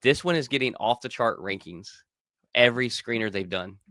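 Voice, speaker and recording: An excited man co-hosting a casual fan chat, his voice bright and forceful. He rambles and doubles back on his words, and sits close to a dry, deadened mic. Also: medium pitch, moderate pace, dry recording. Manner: excited, rambling, repeats himself. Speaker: podcast co-host.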